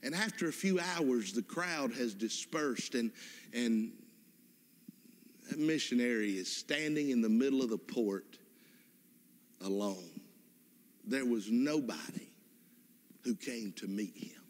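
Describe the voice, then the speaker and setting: A man's voice: mid-range voice, slow pace, long pauses. A man preaching a sermon, telling a story and praying with fervent, emphatic repeated exhortations. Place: church sanctuary. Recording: long reverb of a church hall.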